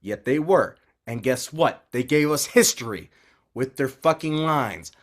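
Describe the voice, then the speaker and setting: Animated, profanity-heavy man gushing about movies. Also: mid-range voice, measured pace. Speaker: podcast co-host. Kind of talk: casual movie review chat.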